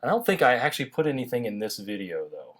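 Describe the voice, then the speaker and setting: A man hosts a relaxed toy review chat with a lively voice that swings up and down. He laughs often and restarts his sentences as he talks. He sits at a middle pitch for a man. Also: fast talker. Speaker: toy review channel host. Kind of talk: casual chat.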